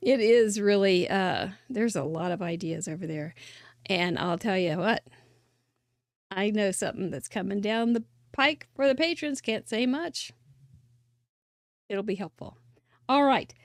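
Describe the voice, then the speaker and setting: A woman's voice: medium pitch, a little slow, pauses often, dry recording, clean studio sound. A woman hosting a live craft show, chatting enthusiastically about cards and trailing off into fillers and little asides.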